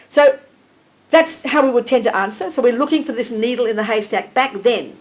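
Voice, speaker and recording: A woman teaching a small group live, animated and direct, checking in with listeners by name and calling them darling. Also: fairly high pitch, a little fast, rough recording. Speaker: Buddhist teacher.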